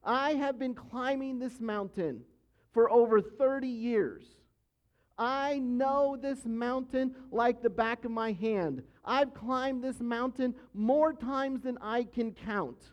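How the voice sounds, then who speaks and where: A man voicing a seasoned male mountain climber, speaking slowly and steadily to reassure. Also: very high-pitched, sing-song, warm tone, slightly rough, pitched above the performer's own voice, exaggerated voice. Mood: reassuring. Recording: dull, lo-fi sound.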